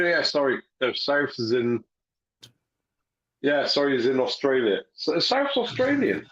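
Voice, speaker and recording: A man chats in an easy, rambling way, swearing freely and joking. He talks slowly, and his voice rises and falls a lot. The sound is muffled and low in quality. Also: very animated, fairly bright tone. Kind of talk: casual chat. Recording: dull lo-fi audio.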